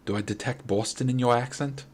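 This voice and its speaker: A man's voice: medium pitch, fairly even intonation, a little fast, husky. A man from New York with a New York accent, chatting casually and rambling with his stream viewers late at night. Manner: rambling, friendly, many restarts. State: late-night, a little wired. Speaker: game streamer.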